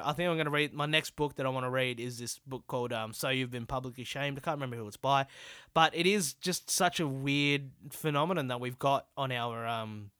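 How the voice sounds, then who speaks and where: A man's voice: mid-range voice, pushed and bright, clear, resonant tone, no room sound, studio quality. A young Australian man hosting a solo comedy podcast, rambling and swearing as he mocks himself. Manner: rambling, sweary and self-deprecating. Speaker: podcast host.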